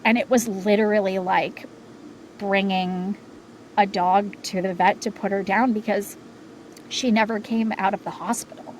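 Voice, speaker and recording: A woman's voice: mid-range voice, steady tone, a little slow, a little hiss or hum, poor audio. A young adult woman, a podcast guest, telling a personal story candidly from a home sound booth, with many fillers and restarts.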